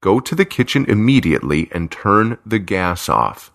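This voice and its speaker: A man's voice: lowish voice, sing-song, moderate pace, creaky, a bit bright, no echo, studio quality, exaggerated voice. Guy putting on a bossy mystery lady on the phone, urgent, storybook. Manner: urgent, commanding. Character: strange woman on the phone, urgent and commanding.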